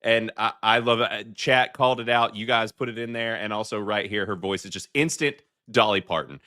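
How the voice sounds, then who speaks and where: A man's voice: fairly low pitch, a little fast, bright, forceful tone, no room sound, clean studio sound. A man with a Southern accent hosting a live podcast, chatting loosely through clips with lots of fillers and restarts. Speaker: podcast host. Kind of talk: live commentary reacting to clips for chat.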